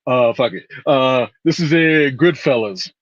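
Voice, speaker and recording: A man's voice: mid-range voice, animated, measured pace, no echo, dull audio. A man co-hosting a podcast in casual chat, rambling with many hesitations and casual swearing. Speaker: podcast co-host.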